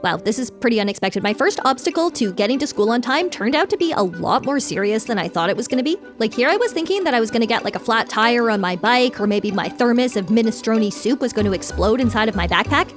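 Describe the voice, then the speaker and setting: A woman's voice: fairly high pitch, expressive, fast, hardly any pauses, faint music behind. Bubbly young woman narrating gameplay. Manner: bubbly, wry, reads game characters aloud. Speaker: gaming channel host. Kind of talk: playing and narrating a game.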